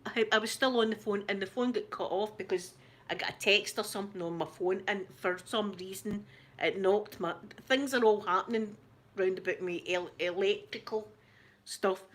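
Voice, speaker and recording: A middle-aged Scottish woman hosting her channel, chatting through a story in a lively, indignant way. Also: mid-range voice, normal speed. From Scotland. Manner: animated, indignant retelling full of "I says". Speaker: channel host. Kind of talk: casual storytelling chat.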